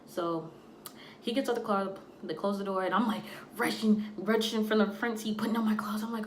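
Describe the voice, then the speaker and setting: A young woman telling a storytime tale in a casual, animated way, acting out the voices of the people in it. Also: mid-range voice, brisk. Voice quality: animated, acts out quoted voices. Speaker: storytime vlogger. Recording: echoey room, faint noise.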